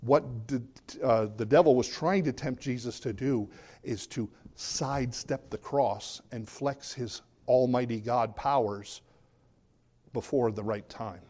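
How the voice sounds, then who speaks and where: A man preaching a sermon as pastor, animated, jumping up to high emphatic bursts and dropping low for asides. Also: a little slow.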